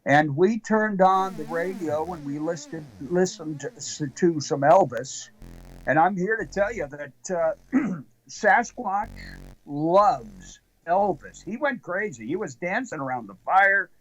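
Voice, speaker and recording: A man, the network founder, telling a rambling deadpan tall tale as a guest on a call-in show, with many halting restarts. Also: fairly high pitch, poor audio.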